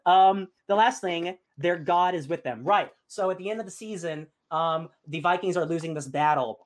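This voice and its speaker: A young man chatting casually as a podcast host, gushing and excitable with lots of fillers. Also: fairly high pitch, moderate pace. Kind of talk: casual chat.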